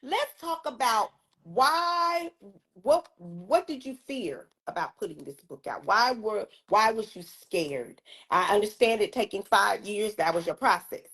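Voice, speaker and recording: A woman's voice: mid-range voice, lively intonation, unhurried, a bit bright, breathy edge. A woman hosting a casual interview, affirming her guest and chiming in often with short agreement. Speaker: host.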